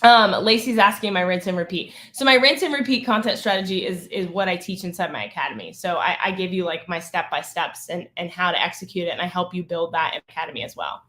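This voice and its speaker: A woman's voice: fairly low pitch, fast, hardly any pauses, pushed and bright. A woman in her thirties, a business coach teaching on a live stream, emphatic and checking in with "okay?" and "right?".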